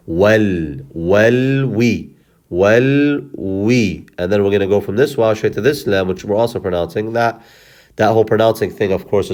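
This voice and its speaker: In a low, slightly mellow voice, a man teaches reading step by step. He sounds out words syllable by syllable, repeats them slowly, and apologizes as he corrects himself.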